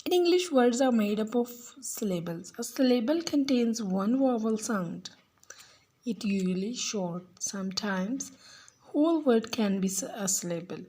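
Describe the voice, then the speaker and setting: A woman English teacher giving a recorded lesson, speaking slowly and deliberately and repeating each word for her pupils. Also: fairly high pitch, lively intonation, warm tone, slightly rough.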